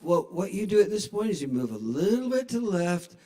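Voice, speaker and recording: A man in his sixties putting on a gentle, soothing male yoga instructor who speaks slowly and softly. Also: high voice, very animated. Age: 60s. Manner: slow, soft and permissive.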